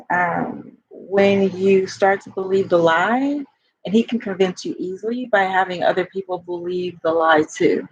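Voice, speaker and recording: A woman's voice: mid-range voice, slightly rough, no room sound. A woman life coach in a personal vlog, talking in a confessional, rambling way full of fillers. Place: home by a fire. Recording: dull lo-fi sound.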